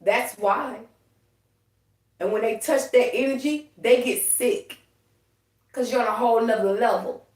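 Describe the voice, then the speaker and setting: A woman's voice: fairly high pitch, measured pace, pauses often, darkish tone. Woman, heated profane preaching, livestream host, echoey room, a bit distant from the mic. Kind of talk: casual spiritual livestream talk.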